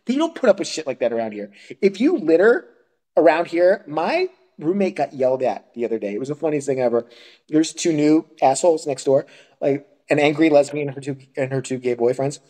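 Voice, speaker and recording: Male podcast co-host; crude, profane storyteller with an animated, swinging delivery. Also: on the high side, brisk. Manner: crude, profane ranting storytelling with frequent laughter. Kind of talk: casual chat.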